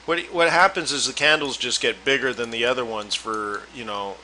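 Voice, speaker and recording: A man's voice: medium pitch, moderate pace, sharp tone, slight background noise, poor audio. A man hosting a live trading webinar, chatting loosely and talking straight to his viewers. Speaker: forex trading room host.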